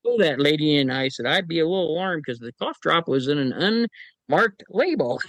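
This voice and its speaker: A man's voice: fairly high pitch, sing-song, moderate pace, a bit bright, dry recording, poor audio. A man being interviewed on a podcast, telling folksy anecdotes about his paranormal team and often acting out the people in them. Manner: folksy anecdotes, acts out voices in quotes, chuckles. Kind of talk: casual storytelling interview.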